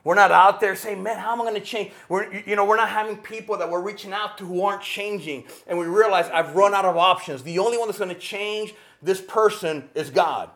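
A man preaching a sermon with passion, rising to near shouts and dropping to quiet, earnest tones. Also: high-pitched, brisk, few pauses. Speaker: pastor.

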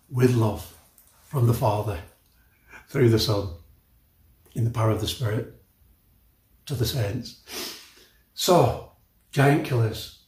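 A pastor in his sixties preaches a sermon at church, emphatic and chatty, often repeating words and restarting sentences. His voice is medium-pitched and a little mellow, and the room is echoey.

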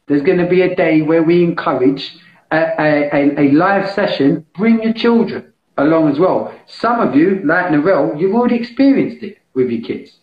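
A British man hosting a live meditation session, talking casually and enthusiastically as he pitches a membership, with frequent restarts. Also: animated, moderate pace. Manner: enthusiastic, salesy, restarts often. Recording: echoey, dull lo-fi sound.

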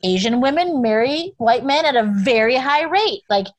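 A woman co-host talks in a lively, animated way. She punctuates her points with laughter and quick affirmations, sounding at ease in the conversation. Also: high voice. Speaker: podcast co-host. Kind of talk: conversational discussion.

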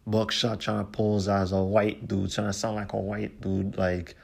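His voice sits on the low side, gravelly and a little mellow with a breathy edge, in a level tone at normal speed. Hosting his own podcast, he chats casually with profanity and slang, often saying "you know what I'm saying."

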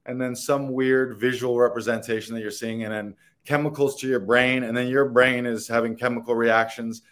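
A man's voice: mid-range voice, flat delivery, moderate pace, fairly bright tone. A man, an actor, talking in a rambling, earnest and playful way in a casual interview, laughing and swearing now and then. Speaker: actor guest.

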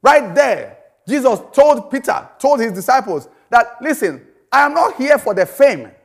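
High-voiced emphatic male preacher. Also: very animated, measured pace. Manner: emphatic, repeats phrases and asks rhetorical questions. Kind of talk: sermon.

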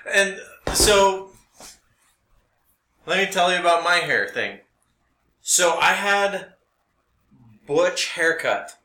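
A man's voice: sits high, lively intonation, takes it slowly, long pauses, pushed and bright, roomy sound, a little hiss or hum. A man in his forties, co-hosting a podcast, rambling through a casual story with lots of filler words. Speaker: podcast co-host. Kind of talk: casual chat.

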